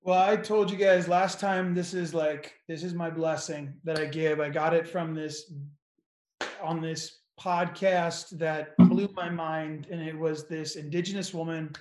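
Man, podcast guest, emphatic, high voice, echoey room. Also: steady tone, darkish tone, a little hiss or hum. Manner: emphatic, slows for solemn lines. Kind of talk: faith-based podcast chat, spoken blessing.

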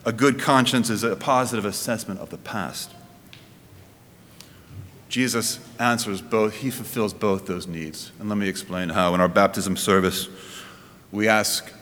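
A man giving a sermon as a pastor, in a conversational preaching manner that climbs and drops in pitch, with frequent restarts. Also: steady tone, moderate pace, fairly bright tone, big-room sound, a little hiss or hum.

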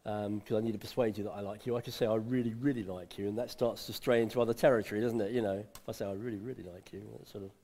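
A man's voice: on the low side, flat delivery, very fast, few pauses, a little mellow. A man giving an informal, conversational sermon and chuckling often. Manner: conversational, repeats words for emphasis, chuckles often. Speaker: preacher.

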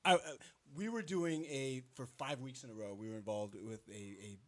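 A band member chatting in an interview, telling stories with lots of restarts. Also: male voice, medium pitch, steady tone, moderate pace, a bit bright. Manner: rambling storyteller with restarts. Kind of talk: casual interview talk.

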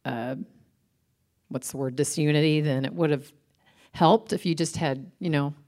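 A middle-aged woman with a low voice co-hosts a relaxed faith-centered chat. She tells everyday stories in a lively, animated way. She laughs often as she talks. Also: moderate pace. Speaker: co-host.

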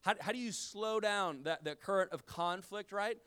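Lively, smooth-voiced man preaching. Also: moderate pace. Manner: animated preaching, swinging from loud emphasis to hushed low lines; casual slang, says "yo". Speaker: pastor. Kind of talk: sermon.

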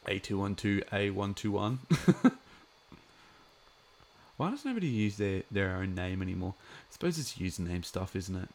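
A man's voice: deep voice, lively intonation, moderate pace, pauses often, darkish tone. A man chatting casually as a live streamer, rambling with many fillers.

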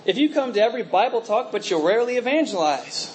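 A man's voice: sits high, very animated, fast talker, a little mellow, slight background noise, low-quality recording. A young man preaching a conversational sermon, full of rhetorical questions and laughing asides, with a mixed accent. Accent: mixed, from working in a multinational office.

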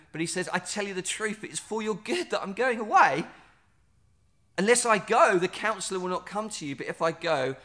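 A man preaching a sermon, earnest, repeating words and slowing down to stress key lines. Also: high-pitched, a bit bright. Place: standing in a building site or venue.

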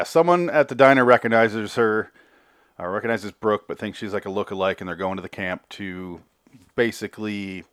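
Podcast host, male, lowish voice, dry close sound, rambling and profane. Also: fairly bright tone, no echo. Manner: rambling, profane, self-interrupting. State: slightly out of breath. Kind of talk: casual episode recap.

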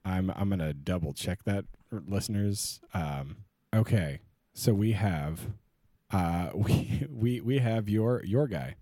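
A man co-hosting a podcast in casual chat, rambling and halting with frequent restarts. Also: sits low, expressive, warm tone, no echo, clean studio sound. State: short on sleep. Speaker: podcast co-host.

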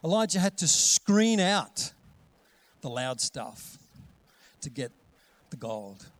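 A man preaching a sermon in a conversational way, acting out quoted voices and dropping to a hush for gentle lines. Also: on the high side, very animated, slow pace, no room sound. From Australia. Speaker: pastor.

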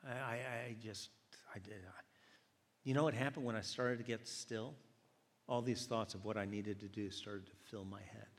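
A man's voice: lowish voice, steady tone, normal speed, big-room sound. An older man preaching a sermon as pastor, telling a story and acting out the dialogue with self-deprecating humor.

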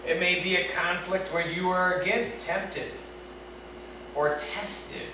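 A man's voice: high-pitched, fairly even intonation, slow pace. A man preaching a conversational sermon, often checking in with his listeners. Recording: echoey room with background noise.

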